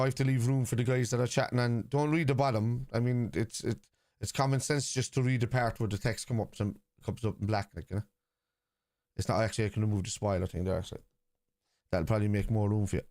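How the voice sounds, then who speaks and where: A man's voice: medium pitch, steady tone, brisk, darkish tone, dry recording. A man hosting a live football watchalong from his computer at home, arguing with chat, swearing bluntly, and reading stats aloud. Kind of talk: live-stream chat, answering viewers.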